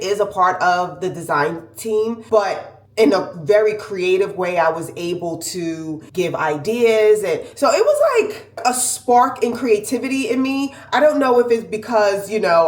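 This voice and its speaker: A woman in her forties tells her travel stories with lively, animated energy. She slips into playful voices when she quotes people. Her voice has a mid-range pitch and sits in a roomy, echoing space. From northern United States. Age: 40s. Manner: animated storytelling, acting out quoted voices with laughs. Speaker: vlogger and business owner. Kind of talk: casual travel vlog chat. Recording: roomy echo.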